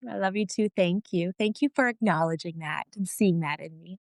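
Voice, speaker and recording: A woman's voice: lowish voice, brisk, no room sound, studio quality. A woman guest on a podcast, telling family stories frankly and with feeling, now and then swearing mildly. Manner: emotional storytelling, frank with mild swearing. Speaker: podcast guest, wellness practitioner. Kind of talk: casual interview chat.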